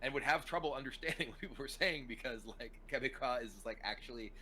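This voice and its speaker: A man's voice: mid-range voice, fast, bright, forceful tone, rough recording. Rambling male guest, faint background hiss. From United States. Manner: rambling, heavy on "like" and restarts. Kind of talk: casual chat.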